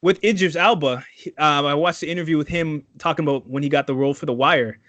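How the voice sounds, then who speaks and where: A man from Trinidad co-hosting a casual podcast, animated and profane, acting out quotes. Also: fairly high pitch, fast talker, no room sound. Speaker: podcast co-host. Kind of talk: casual chat.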